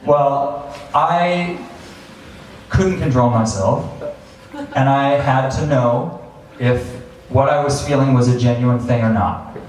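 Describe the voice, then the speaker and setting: A man's voice: mid-range voice, takes it slowly. Man telling a story in an echoey hall. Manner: animated, acts out his own past thoughts with chuckles. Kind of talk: personal storytelling on stage. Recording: very echoey, distant, faint hiss.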